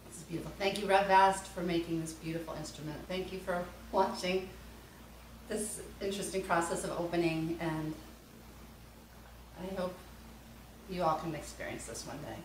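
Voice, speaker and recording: A woman unboxing an instrument in a casual vlog, gushing and excitable, laughing often. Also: on the low side, moderate pace, pauses often. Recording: roomy, mic at a distance, background noise.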